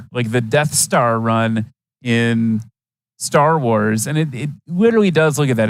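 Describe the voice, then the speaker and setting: A man's voice: mid-range voice, no echo. A man from Wisconsin giving chatty, enthusiastic live commentary at an aviation competition, with folksy asides. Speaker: event commentator.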